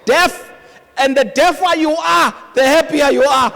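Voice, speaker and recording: A male pastor preaching live at a congress, animated and storytelling, often acting out couples talking. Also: extremely high pitch, normal speed, gravelly, slight background noise. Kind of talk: live sermon. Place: large congress hall. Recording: long hall reverb from a live congress.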